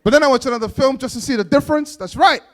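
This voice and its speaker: A man's voice: very high-pitched, very fast. A young man doing stand-up at an awards event, playfully teasing the kids in the audience in street slang. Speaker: stand-up comedian.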